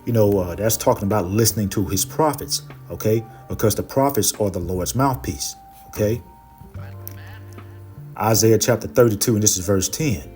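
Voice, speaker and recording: A man preaching and teaching from scripture, filling his talk with "okay" and "you know" and reading verses slowly and with more force. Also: fairly low pitch, soft background music. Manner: reads verses slowly and louder.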